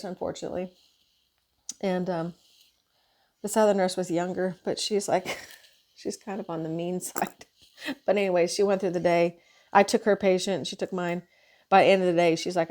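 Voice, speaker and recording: A woman's voice: on the low side, normal speed, long pauses. A woman nurse venting in a casual monologue, frustrated and swearing as she retells her shift. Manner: frustrated, profane, animated retelling.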